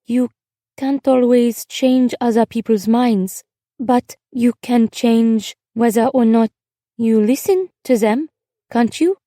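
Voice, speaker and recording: A timid, earnest ten-year-old girl from a storybook, speaking in a raised, hesitant voice, as a woman narrator puts her on. Her words come slowly and carefully. The recording is close and dry, with no room sound. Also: fairly high pitch, dark tone, no room sound. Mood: shy, tentative.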